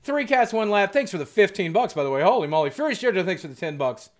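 A man's voice: high-pitched, lively intonation, quick pace. A man streaming live, chatting casually and rambling as he thanks viewers.

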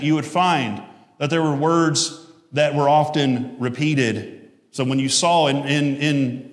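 A male pastor in a church sanctuary preaches a conversational sermon in a slightly high, somewhat bright voice, captured in an echoey hall. He adds jokes and asides and corrects himself along the way.

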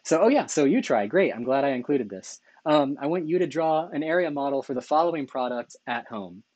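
The lo-fi recording, free of room sound, captures a man giving a slide-based math lecture in a brisk, medium-pitched, slightly mellow voice with lively intonation. He's enthusiastic, fixes his own mistakes often, and asks "right?" rhetorically as he goes.

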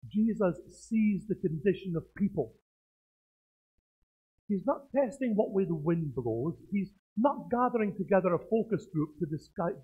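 High, lively husky-voiced man preaching. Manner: animated preaching with self-mocking jokes. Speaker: pastor. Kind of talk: sermon. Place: church. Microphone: speaking through a face mask. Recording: tinny phone-like sound.

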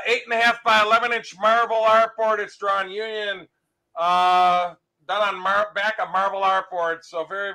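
A man with a high, very bright and forceful voice, pitching comic art for sale live. He talks in quick salesman patter and keeps repeating his prices. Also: low-quality recording.

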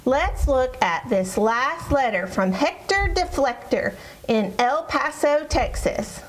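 A woman voicing a friendly girl puppet who teaches children in a church puppet show, speaking in a bright, encouraging storybook tone. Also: high-pitched, expressive, slow pace, full character voice, poor audio. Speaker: puppet presenter.

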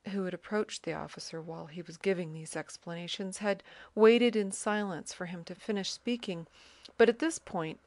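A woman narrates a classic novel in a measured, even way. Her voice sits on the low side, and the recording is dry and close with no room sound. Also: dry recording. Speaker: audiobook narrator.

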